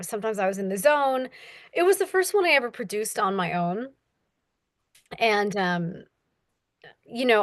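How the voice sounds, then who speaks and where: Lively young woman telling stories. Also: no room sound, clean studio sound. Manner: animated, acts out quoted voices with big pitch jumps. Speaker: guest, audiobook narrator. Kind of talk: casual interview talk.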